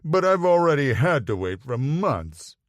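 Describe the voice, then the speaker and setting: A man voicing a jealous, playful grown man who talks in a gruff, teasing way. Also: fairly high pitch, sing-song, unhurried, no echo, studio quality, pitched above the performer's own voice.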